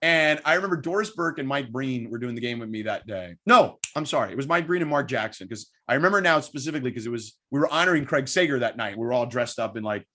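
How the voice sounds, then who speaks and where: A man, a sports broadcaster guest, telling stories in a quick, animated way in a casual interview. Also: mid-range voice.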